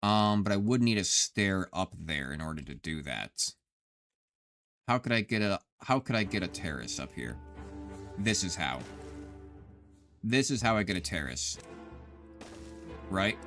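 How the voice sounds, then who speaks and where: A man's voice: deep voice, very animated, a little slow, pauses often, a bit bright. A man in his thirties giving casual, rambling gameplay commentary as a streamer, swearing often and talking to his chat. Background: background music.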